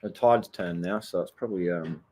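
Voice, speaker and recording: An Australian surfer vlogger, his voice sitting low with a darkish tone and a breathy edge, rants casually through his stories at a moderate pace. He's blunt and swears freely.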